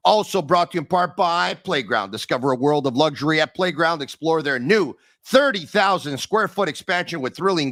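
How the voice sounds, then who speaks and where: A man hosting a hockey talk podcast in a fairly high voice. He talks with energy and emphasis, repeating phrases to drive his points home. The sound is dry and close. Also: lively intonation, moderate pace, hardly any pauses, a bit bright, no echo. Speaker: podcast host.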